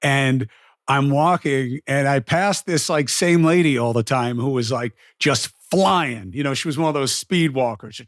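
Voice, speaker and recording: A man's voice: mid-range voice, a little slow, no room sound, studio quality. A man hosting a casual interview, chatty and conversational, telling stories with lots of fillers. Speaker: host.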